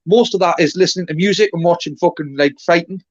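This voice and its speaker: A Geordie man from North East England rambles bluntly on a live stream, his voice on the high side and his pace quick. He swears often and mocks himself in casual banter. The dry, dull lo-fi stream audio carries no echo.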